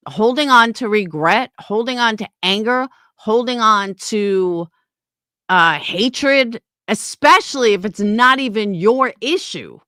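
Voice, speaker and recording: A woman's voice: medium pitch, sharp tone, no room sound, clean studio sound. Blunt, heated, swearing middle-aged woman. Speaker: YouTuber and small business owner. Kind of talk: ranting to camera.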